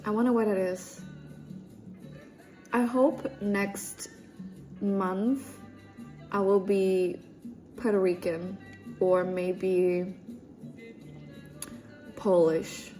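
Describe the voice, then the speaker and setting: Woman streamer just chatting, joking around and laughing a lot, mid pitch, faint music underneath. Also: steady tone, very slow, pauses often, mellow. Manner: playful and joking, often breaking into laughter. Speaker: livestreamer. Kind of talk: casual chat reading viewer comments.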